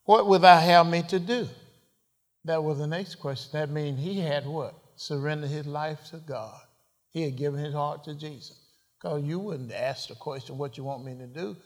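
A man preaching a sermon, unhurried, asking rhetorical questions and rising to sudden emphatic lines. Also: on the high side, a little mellow. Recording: long reverb of a large hall.

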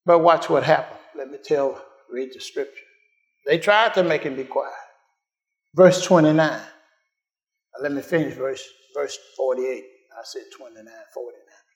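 A man preaching a sermon, swinging from shouted, sung-out cries down to low murmurs and chuckling as he calls to the congregation. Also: measured pace, reverberant.

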